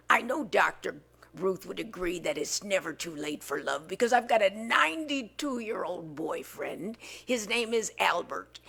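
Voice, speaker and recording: A woman impersonating a gushing older Broadway star with a raspy, breathy voice. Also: on the low side, a bit bright, full character voice. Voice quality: raspy, gravelly.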